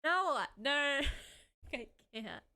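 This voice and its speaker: Slow-talking bright-voiced young woman streamer. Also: high-pitched, expressive, soft background music. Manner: giggly, emotional, swearing. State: teary. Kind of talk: casual live-stream chat.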